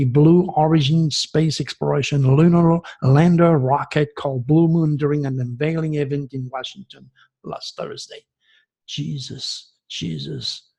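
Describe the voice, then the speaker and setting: A man in his sixties from France, giving an agitated, preachy monologue that swings from loud outbursts to hushed asides. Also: a little high, creaky, slightly rough. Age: 60s. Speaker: astrologer host. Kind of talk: impassioned monologue.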